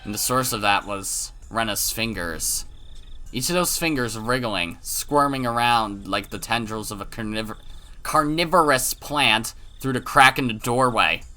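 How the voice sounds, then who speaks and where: A man's voice: medium pitch, unhurried, bright, forceful tone. A man reading a visual novel aloud for a let's play, with dramatic delivery, profane asides and the odd stumble over words.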